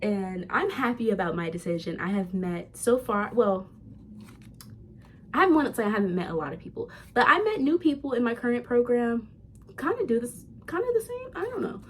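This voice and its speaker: A woman's voice: fairly high pitch, big pitch swings, brisk, a little hiss or hum. Chatty young woman vlogging candidly. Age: young adult. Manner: chatty and candid, addresses viewers as "y'all". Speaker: vlogger, nursing student. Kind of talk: casual talking-head vlog.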